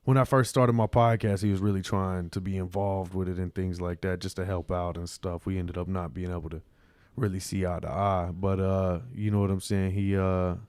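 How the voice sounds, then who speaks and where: A man's voice: low-pitched, little pitch movement, normal speed, darkish tone, clear, resonant tone, dry recording. A man chatting casually as a podcast guest, laid-back and slangy. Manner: laid-back, slangy, lots of "you know what I'm saying". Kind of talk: casual interview chat.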